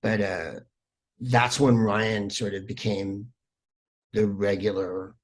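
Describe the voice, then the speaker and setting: A man, a comedian guest on a podcast, telling stories in a lively, rambling way with plenty of fillers. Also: on the low side, slow. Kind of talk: casual podcast interview.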